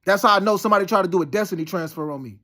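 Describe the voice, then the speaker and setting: A man's voice: high voice, rapid-fire, bright, forceful tone. A man talking in a rambling, profane, heated and insistent monologue. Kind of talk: casual monologue.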